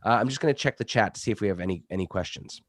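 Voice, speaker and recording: A man coaching public speaking in an online workshop, energetic and demonstrative, a bit sick, on a good studio microphone. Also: lowish voice, rapid-fire, dry recording.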